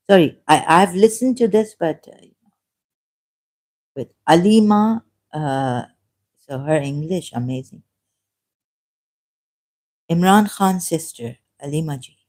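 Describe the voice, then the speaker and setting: A woman speaks unscripted on her livestream in a low, mellow voice. She talks slowly and haltingly. She often breaks off to correct herself and laughs along the way. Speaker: livestream host.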